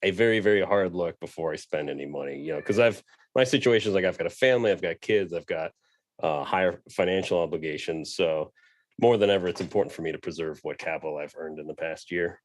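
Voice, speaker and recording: A man's voice: deep voice, fast, a little hiss or hum. A man in his thirties speaking on a virtual panel, casual and self-deprecating with lots of fillers.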